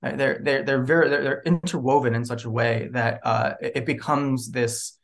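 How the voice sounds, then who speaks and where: A man's voice: medium pitch, steady tone, normal speed, gravelly. A man who is a licensed clinical social worker, guesting on a podcast and explaining his ideas in a reflective, easygoing way. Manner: reflective, explaining, laughs easily. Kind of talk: casual podcast interview.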